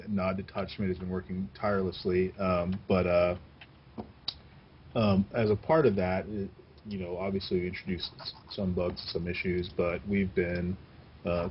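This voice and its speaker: A man from a game studio answering interview questions in a casual, halting way with many fillers. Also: sits low, lo-fi sound, a little hiss or hum.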